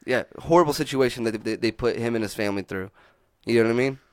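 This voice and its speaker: Young man, podcast co-host, rapid swearing storyteller, dead-dry close sound. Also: mid-range voice, smooth, no echo. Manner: fast, animated storytelling with heavy swearing. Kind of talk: casual podcast chat.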